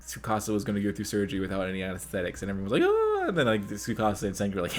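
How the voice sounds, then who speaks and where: A man hosting an anime reaction video, talking in a rambling, excitable way with many restarts. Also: lowish voice, quick pace. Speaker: reaction channel host. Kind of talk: casual anime reaction commentary. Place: home room lit by reaction lamps.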